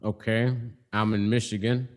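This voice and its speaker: A man's voice: fairly low pitch, flat delivery, moderate pace, natural voice. Guy doing a pompous self-loving sanitarium founder who brags nonstop. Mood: boastful. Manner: boastful, pompous. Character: pompous self-proclaimed pure-hearted man boasting of his sanitarium.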